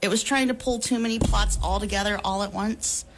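A woman in her thirties co-hosting a podcast, talking in a loose, rambling, animated way with plenty of fillers and laughs. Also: medium pitch, brisk, slight background noise. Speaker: podcast co-host. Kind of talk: casual chat.

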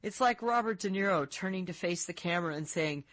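Lower-pitched woman reading her own prose. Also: expressive, fairly quick, a bit bright, dry recording.

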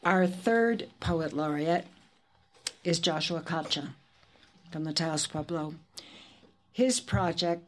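A woman hosting a poetry event, speaking in a chatty, informal way with fillers. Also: fairly low pitch. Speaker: event host.

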